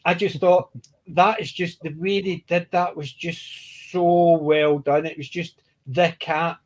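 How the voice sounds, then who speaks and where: Male, rambling, laughs through retellings, chatty talk, slightly raised pitch. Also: steady tone, slow. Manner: rambling, restarts often, laughs while retelling jokes. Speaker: podcast co-host. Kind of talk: casual TV discussion.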